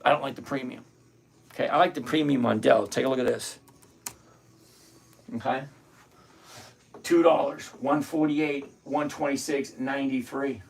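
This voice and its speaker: A man's voice: medium pitch, vocal fry, husky. A middle-aged man hosting a live trading stream, bluntly thinking aloud and greeting viewers by name. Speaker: livestream host.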